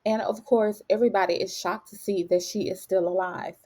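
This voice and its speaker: Recapping a TV episode, this female host keeps it brisk, casual, and full of slang. Her voice is mid-range, she addresses the listener as honey, and she performs the characters' dialogue with lively changes in tone.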